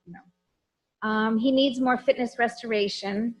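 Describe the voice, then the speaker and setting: A woman trainer with a slightly high voice gives a conversational lecture at an unhurried pace, frank and emphatic, lively and often putting questions straight to her listeners. Faint music plays behind her, and the audio is poor.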